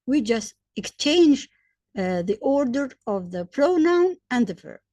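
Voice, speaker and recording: A woman, likely a native Arabic speaker, teaching English grammar step by step, spelling out letters, repeating examples and pausing with fillers. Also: high voice, sing-song, warm tone, no room sound. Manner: hesitant fillers between points. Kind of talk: slow, deliberate grammar lesson.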